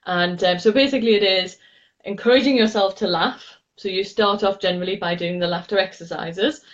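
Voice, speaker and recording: A woman's voice: mid-range voice, fairly quick. A cheerful woman with a Northeast English accent talks through laughter yoga in an interview. She is bubbly and breaks into laughter often. The sound is a little dull and lo-fi, like a video call. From Northeast England. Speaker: laughter yoga teacher, guest. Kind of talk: enthusiastic interview, teaching demo.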